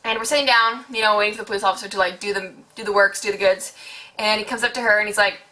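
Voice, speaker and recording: A young woman from Quebec in her twenties telling a storytime vlog, animated and chatty, swearing freely and acting out what people said. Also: mid-range voice, rapid-fire. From Quebec, Canada. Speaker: vlogger. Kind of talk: casual storytime.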